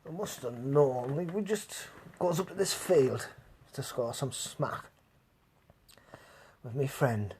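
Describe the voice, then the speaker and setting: A man's voice: mid-range voice, animated, slow, pauses often, a little mellow, slight background noise. A man hosting a live stream, telling rambling stories to his chat, laughing often and swearing freely. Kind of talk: casual storytelling to live chat.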